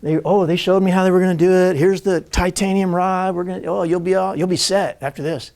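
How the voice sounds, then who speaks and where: A man telling a personal story to a live audience, animated and laughing, acting out other people's lines as he goes. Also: sits high, a little fast, creaky. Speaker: spiritual speaker.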